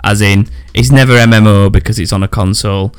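A man's voice: fairly low pitch, steady tone, a little fast, clear, resonant tone, no echo. A man hosting a podcast in casual chat, rambling and often correcting himself. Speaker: podcast host.

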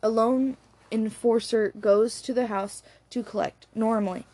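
A woman's voice: on the high side, fairly even intonation, measured pace, dark tone, no room sound. Woman reading as a confident male crime analyst. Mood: assured. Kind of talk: audiobook character reading.

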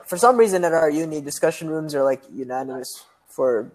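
Young man telling a story, animated. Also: a little high, a little fast. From Pakistan. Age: young adult. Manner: storytelling, animated, acting out quotes. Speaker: guest. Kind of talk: casual chat.

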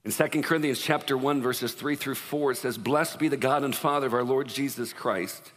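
A man preaching a sermon as pastor, in an animated, conversational way, acting out what people say. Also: medium pitch, fairly quick, big-room sound.

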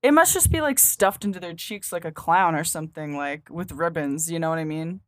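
A woman's voice: sits low, a little fast, dry recording. A woman co-hosting a casual podcast, blunt and wry, who swears freely. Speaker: podcast co-host.

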